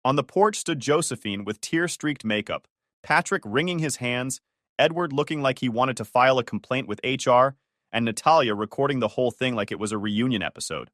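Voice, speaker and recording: A man's voice: medium pitch, animated, fairly quick, fairly bright tone, dry recording. A man narrating a first-person family story with sarcastic, dry humor.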